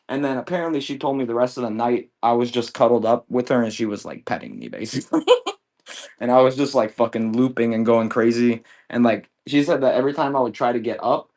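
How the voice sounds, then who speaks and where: A man's voice: mid-range voice, darkish tone. A man selling on a live stream, telling a long story in a laid-back, rambling way full of swearing and fillers. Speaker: livestream seller. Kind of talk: casual storytelling chat.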